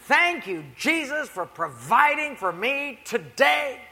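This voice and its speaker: A man voicing a poor, devout old woman who gives thanks in a high, drawn-out, lilting voice. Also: big pitch swings, sharp tone, big-room sound, heavily acted. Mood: grateful praise.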